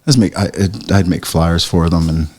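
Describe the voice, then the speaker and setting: A middle-aged man from the United States, a print shop owner chatting as a podcast guest, telling lively stories and acting out quotes. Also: low-pitched, normal speed. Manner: animated storyteller, acts out quotes with swearing. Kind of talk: casual conversation.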